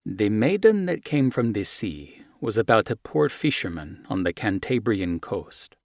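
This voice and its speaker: Male audiobook narrator, low and soft, measured first-person romance reading, very dry close mic. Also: very animated, no room sound.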